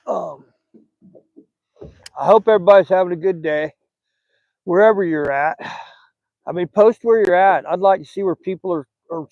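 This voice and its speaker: An older Southern man with a high-sitting voice hosts a fishing channel's live stream from a small boat on a lake, rambling folksily to both the fish and his viewers. He speaks at a moderate pace with vocal fry and frequent pauses, and the phone-recorded audio is dry and muffled.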